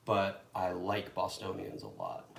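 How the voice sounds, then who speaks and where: A young man with a low, creaky voice talks at a measured pace, his pitch swinging widely as he chats casually while cooking one-handed in his home kitchen. He's a home cook vlogger who rambles and pokes fun at himself. The recording is echoey with loud background noise.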